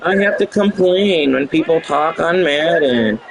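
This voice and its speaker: A man's voice: fairly high pitch, animated, unhurried, gravelly, noisy background. A man trash-talking an online opponent during a live game, mocking and sarcastic, repeating his jabs over and over. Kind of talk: live gameplay chat. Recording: live stream with loud game crowd.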